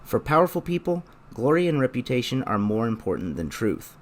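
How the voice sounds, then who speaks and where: A young man narrating a scripted video essay in a measured, explanatory way. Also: mid-range voice, very animated.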